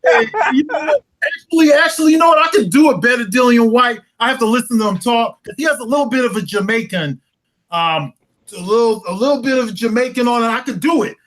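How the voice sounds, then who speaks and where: A man with a very high speaking voice trades loose, profane slang in a casual live chat about boxing. He talks freely and bluntly, with plenty of street phrasing. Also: lively intonation, fast, fairly bright tone.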